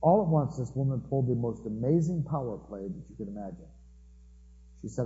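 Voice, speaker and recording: This sermon comes from a man with a dark tone and medium pitch who speaks expressively and quickly. He preaches conversationally with dry humor, telling funny stories with asides, on a dull recording swamped by long hall reverb.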